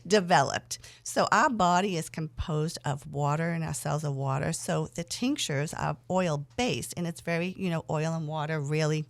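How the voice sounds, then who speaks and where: A woman's voice: low voice, moderate pace, vocal fry, hardly any pauses, no room sound. An older woman with a Boston accent, chatting casually as a guest and laughing often. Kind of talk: casual chat.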